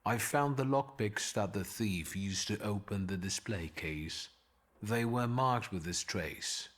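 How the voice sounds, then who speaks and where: An actor playing a calm, shrewd investigator hero in a story game, speaking in a measured, deliberate way. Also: male voice, lowish voice. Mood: composed.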